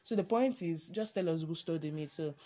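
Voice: mid-range voice, a little fast, warm tone. A podcast host, chatting casually and rambling through a monologue with many ums and self-corrections.

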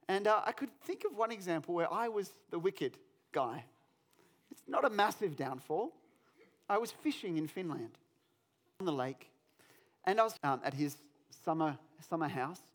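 Male pastor, high-pitched, animated sermon storyteller with self-mocking humor.

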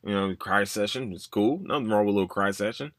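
This young man hosting a podcast has a lowish voice and talks quickly, with no echo around him. Telling a casual personal story, he rambles, swears, says sorry for swearing, and acts out what he was thinking back then.

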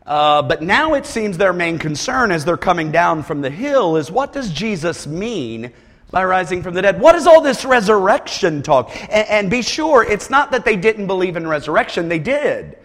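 A man preaching a sermon as a pastor, animated, swinging between quiet asides and loud emphatic lines, often repeating words as he restarts phrases. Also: high voice, normal speed, big-room sound.

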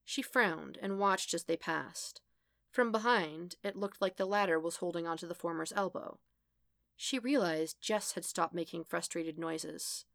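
A woman with a low, gravelly voice reads a story aloud in a calm, measured way, giving the dialogue a light touch. The recording is dry and close, with no room sound around her. It suits a podfic reading of fan fiction. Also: dry recording. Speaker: podfic reader.

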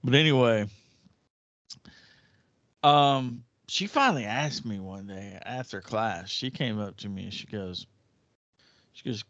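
A man's voice: fairly low pitch, expressive, measured pace, pauses often, a bit bright, no echo. A man in casual chat who rambles through a personal story with restarts, dropping "man" and "dude". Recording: dull, dry lo-fi recording.

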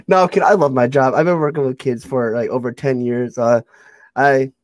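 A man's voice: mid-range voice, steady tone, moderate pace, no room sound. A young man hosting a casual interview, joking about himself and laughing often. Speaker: podcast host.

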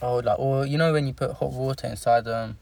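A man's voice: mid-range voice, fairly even intonation, brisk, gravelly, a little mellow, far from the mic. A young man co-hosting a podcast in casual chat, chatty and giggly, laughing often, recorded inside a car. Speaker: podcast co-host.

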